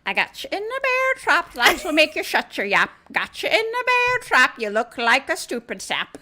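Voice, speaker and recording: A woman's voice: high voice, wildly swooping pitch, moderate pace, sharp tone, pitched above the performer's own voice, exaggerated voice. A woman voicing a mean little male leprechaun who taunts in sing-song rhymes. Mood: taunting.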